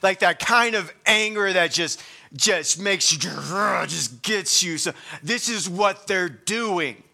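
A man delivers a sermon in a bright, forceful voice that sits a little high for a man. He preaches conversationally, repeating and restarting words, then building to louder, emphatic stretches. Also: slow, gravelly. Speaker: pastor.

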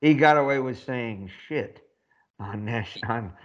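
A man's voice: medium pitch, measured pace, highs cut off. A man in a casual chat as podcast co-host, trading dry teasing jokes.

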